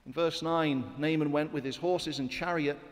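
A man's voice: on the high side, fairly even intonation, moderate pace. Emphatic male preacher in an echoing hall. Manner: emphatic, with many rhetorical questions to the congregation. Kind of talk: sermon.

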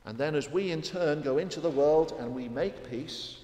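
A man's voice: a little high, normal speed, dark tone. A man preaching a sermon in an earnest, repetitive way, putting direct questions to his listeners. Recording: echoey hall reverb.

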